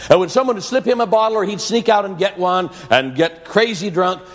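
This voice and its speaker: A man's voice: high-pitched, a little fast. A man preacher telling a story in an earnest, dramatic sermon that flows into prayer, in an echoey church hall.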